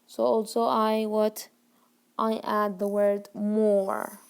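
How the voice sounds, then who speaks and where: A woman teaching a grammar lesson, repeating key words slowly and checking that learners follow. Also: mid-range voice, little pitch movement, creaky, clear, resonant tone. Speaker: English teacher.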